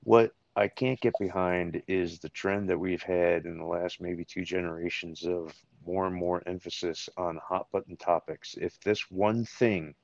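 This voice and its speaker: A man's voice: deep voice, creaky, darkish tone, dry recording. An American man, a podcast co-host in casual political chat, crude, joking and opinionated. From United States. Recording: dull lo-fi dry recording.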